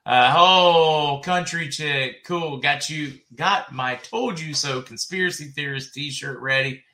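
Southern guy hosting a livestream, bright forward voice, laughs a lot, hops from comment to comment. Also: on the high side, measured pace. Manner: chatty, laughs often, jumps between comments. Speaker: host reading viewer comments. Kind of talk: casual livestream chat.

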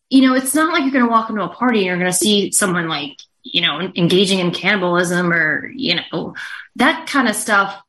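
A woman's voice: medium pitch, a bit bright. A woman talking as a guest on a call-in show, hesitant and full of fillers. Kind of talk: talk show conversation.

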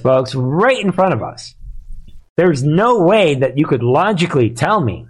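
A man's voice: fairly high pitch, big pitch swings, a little slow, husky. A man hosting a live commentary show, talking in a sarcastic, emphatic way and often addressing listeners as "folks.".

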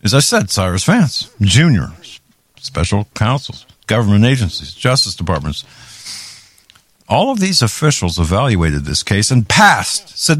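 Fired-up guy ranting on his talk show, pitch swinging all over, trips over his words a lot. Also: sing-song, measured pace, a bit bright, dry recording. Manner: heated, ranting, with frequent restarts. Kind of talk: political commentary.

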